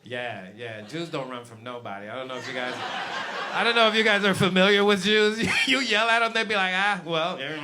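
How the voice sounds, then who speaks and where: Stand-up comic, male, high-pitched voice, profane storyteller who acts out voices, live club mic with room noise. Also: brisk. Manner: storytelling, acts out dialogue, swears freely. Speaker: stand-up comedian. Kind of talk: stand-up routine. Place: comedy club stage.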